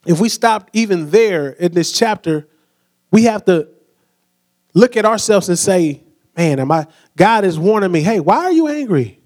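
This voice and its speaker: A man preaching a sermon in a relaxed, conversational way, often asking his listeners questions and acting out quotes. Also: sits high, measured pace.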